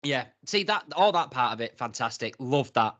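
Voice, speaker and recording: A man's voice: mid-range voice, moderate pace. A man co-hosting a wrestling review podcast, chatting casually and rambling with lots of restarts. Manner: rambling, hesitant, quotes people in animated voices. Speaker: podcast co-host. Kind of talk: casual chat.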